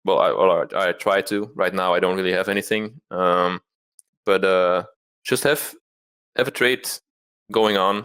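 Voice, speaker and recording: A deep-voiced man tells his trading story in a candid interview. He is self-deprecating and rambles, often restarting his sentences. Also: steady tone, unhurried, fairly bright tone, clean tone. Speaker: interview guest, trader.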